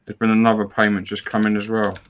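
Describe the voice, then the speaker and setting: A man's voice: fairly low pitch, flat delivery, fast talker. A man co-hosting a casual live fan stream, chatting about football and reading out donations. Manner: chatty, repeats words, reads out donors. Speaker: fan show co-host.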